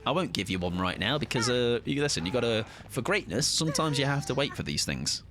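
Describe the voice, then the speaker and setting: A man's voice: mid-range voice, very animated, a little fast. Guy streaming a game, bouncy up-and-down voice, lots of jokes, noisy background hum. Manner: playful, chatty, jokey asides. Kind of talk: casual live-stream commentary.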